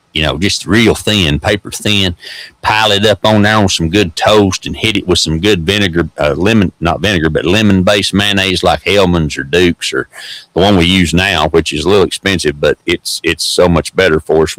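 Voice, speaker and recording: A man's voice: sits low, fairly bright tone, no room sound, rough recording. A man with an East Tennessee accent hosting a vlog, rambling through a casual story in a folksy drawl with lots of repeated words. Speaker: host.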